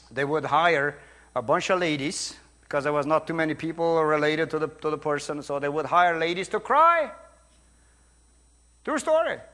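A man preaching a sermon in a high, ringing voice, his Brazilian Portuguese accent clear throughout. He is emphatic and rises to loud declarations, then drops into low, offhand asides. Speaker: pastor.

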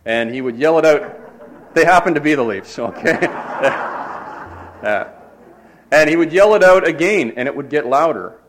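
A pastor preaches from the front of his church. His voice sits at an ordinary middle pitch for a man. He rambles in a relaxed, conversational way, stopping often on uh and restarting his phrases. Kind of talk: sermon. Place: church sanctuary.

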